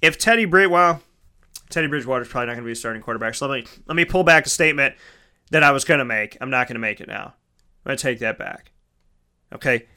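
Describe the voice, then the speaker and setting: Bright, crisp-voiced male sports talker. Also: mid-range voice, expressive, quick pace. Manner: chatty, rambling, corrects himself mid-sentence; addresses listeners as folks. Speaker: sports show host. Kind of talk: casual solo sports talk.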